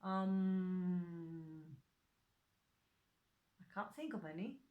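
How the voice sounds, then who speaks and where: Slow, patient woman teaching a lesson. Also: lowish voice, narrow, tinny audio. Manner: patient, many fillers and self-corrections. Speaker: language teacher. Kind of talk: slow, hesitant online lesson explanation.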